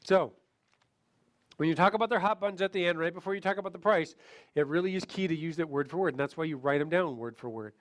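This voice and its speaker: High-voiced man teaching a sales seminar. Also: fast talker. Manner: animated, acts out client dialogue. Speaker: seminar speaker.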